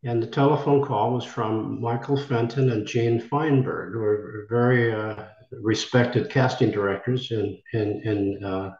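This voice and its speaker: A man's voice: lowish voice, a little slow, darkish tone. An older American man, an actor being interviewed, telling a rambling story and acting out the voices of people he quotes. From United States. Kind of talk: conversational storytelling. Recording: roomy, dull lo-fi sound.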